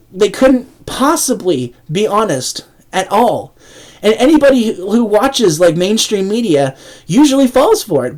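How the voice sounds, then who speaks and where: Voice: mid-range voice, a little mellow. An angry voice delivering a profane political rant. The speaker stumbles through restarts and repeats words, mocks opponents with sarcastic asides, and breaks into scornful laughs between points. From Canada. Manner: angry, sarcastic, heavy swearing, frequent restarts. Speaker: political commentator.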